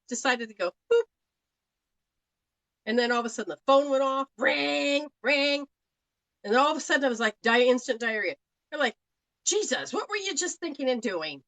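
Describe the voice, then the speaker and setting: A woman's voice: fairly high pitch, a bit bright, dry recording, poor audio. A woman from Australia giving live spiritual readings in a chatty, rambling way, laughing often. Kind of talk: live-stream talk.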